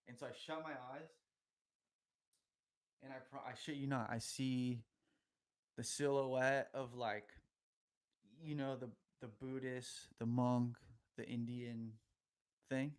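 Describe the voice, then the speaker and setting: A man's voice: mid-range voice, fairly even intonation, a little slow, pauses often. A young man telling a long story on a podcast in a casual, slangy, rambling way, often laughing as he goes.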